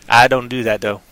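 A man's voice: medium pitch, fairly bright tone. A man co-hosting a casual podcast chat, joking around and slipping into put-on voices. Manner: joking, drifts into put-on voices and a mock Canadian accent. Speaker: podcast co-host.

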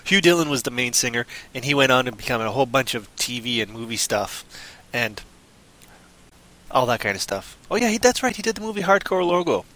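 A man's voice: mid-range voice, big pitch swings, fairly quick, sharp tone. A man hosting a podcast in casual, rambling, jokey chat. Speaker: podcast host.

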